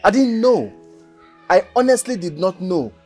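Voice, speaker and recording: A man's voice: high voice, lively intonation, measured pace, darkish tone, faint music behind. An actor playing an aggrieved young man who explains himself respectfully, with a Nigerian accent and an indignant tone. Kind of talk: Nollywood film acting.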